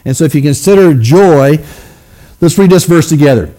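A pastor, a man, leads a sermon in a church. His voice sits a little high for a man. He keeps it conversational, explaining words and checking in with listeners as he goes. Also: lively intonation, moderate pace, dark tone. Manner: conversational preaching, frequent "okay?" check-ins with the congregation. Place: church sanctuary.

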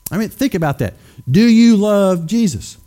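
A man's voice: sits high, expressive, moderate pace, dark tone. A man preaching a sermon, emphatic and questioning his congregation directly. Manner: acts out skeptics in mocking voices.

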